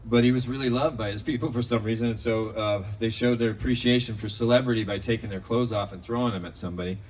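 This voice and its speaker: At a park memorial, a low-voiced man delivers a storytelling tribute, quick-paced and steady, wandering from anecdote to anecdote with plenty of fillers. The recording comes from a distant outdoor mic and carries faint background noise.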